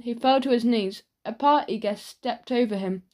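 Expressive woman reading a children's book. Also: on the high side, moderate pace. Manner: expressive storytelling. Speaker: audiobook narrator. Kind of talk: scripted narration of a children's book.

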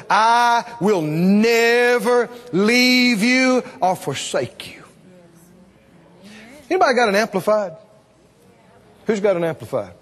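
Preacher with a hall reverb. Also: male voice, sits high, breathy edge. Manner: dramatic, swings from hushed to loud. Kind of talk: sermon.

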